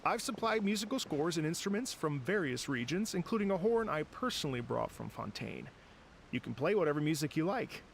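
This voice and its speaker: Courteous festival organizer. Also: male voice, a little high, big pitch swings, brisk, vocal fry, slight background noise. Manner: courteous, slightly hesitant. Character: polite adult male event organizer. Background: game music.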